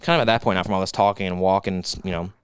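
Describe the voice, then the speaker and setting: A man co-hosting a casual comedy podcast, ranting fast and profanely in mock anger. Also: deep voice, steady tone, clean tone, no room sound. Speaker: podcast co-host.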